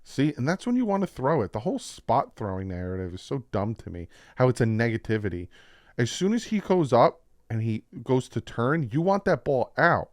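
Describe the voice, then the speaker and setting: A man with a New Jersey accent casually breaking down football practice clips as a channel host, explaining plays with excitement. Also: mid-range voice, moderate pace, dry recording. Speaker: sports commentator.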